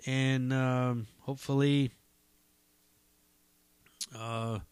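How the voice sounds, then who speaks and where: A man's voice: mid-range voice, no room sound. A man hosting his own podcast solo, rambling casually with lots of swearing and self-deprecating asides. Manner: rambling, profane, self-deprecating, many fillers. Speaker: podcast host.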